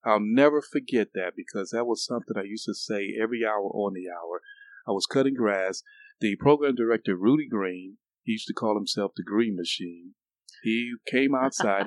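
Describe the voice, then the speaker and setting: A middle-aged man from Ohio telling stories in a casual interview, often jumping into high voices for the people he quotes. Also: moderate pace, no echo, rough recording. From Cleveland, Ohio. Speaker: guest.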